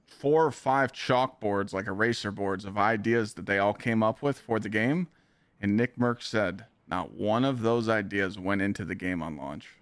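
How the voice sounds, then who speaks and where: A man's voice: lowish voice, a bit bright, dry recording. A man streaming live, ranting bluntly and heatedly with lots of swearing.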